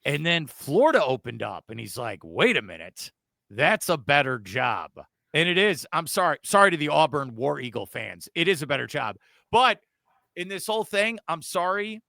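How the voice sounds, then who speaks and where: An excitable man jokes his way through football talk on a sports show. His voice is bright and somewhat gravelly, and it swings widely in pitch. The sound is dry and close. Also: a little fast, dry recording. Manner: excitable, joking.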